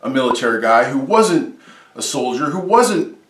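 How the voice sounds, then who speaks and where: A man's voice: mid-range voice, big pitch swings, normal speed, fairly bright tone, reverberant, far from the mic. A man hosting a comedic top-list movie review, sarcastic and full of jokey asides.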